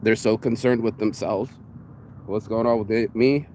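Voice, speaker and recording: A man's voice: lowish voice, fairly even intonation, normal speed, mellow, a little hiss or hum. A man delivering a profane, rambling rant, circling back with restarts as he talks. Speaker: vlogger. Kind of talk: ranting monologue.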